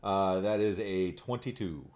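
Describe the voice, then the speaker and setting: A man's voice: low voice, unhurried, background noise. A man running a tabletop game as dungeon master, narrating the action and laughing often with his players.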